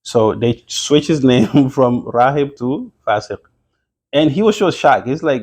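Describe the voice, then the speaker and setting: A man's voice: mid-range voice, animated, measured pace, darkish tone, breathy edge. A man giving an informal religious history lesson, talking conversationally with many fillers and restarts. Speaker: religious teacher.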